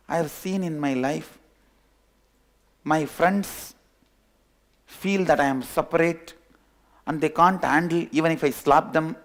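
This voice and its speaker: A man, a spiritual teacher telling a parable in a sermon, unhurried and soft-spoken. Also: on the high side. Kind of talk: sermon with storytelling.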